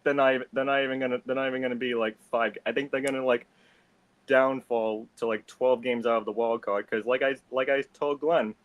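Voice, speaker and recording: A man's voice: mid-range voice, steady tone, brisk, lo-fi sound. A man from Massachusetts on a casual sports talk stream, giving blunt predictions and stumbling over repeated words. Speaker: guest panelist.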